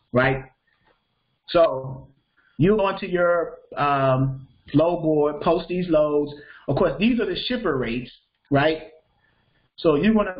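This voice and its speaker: A man's voice: fairly high pitch, muffled recording. Man teaching a freight broker class. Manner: conversational, repeats phrases, checks understanding with questions. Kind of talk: live training class.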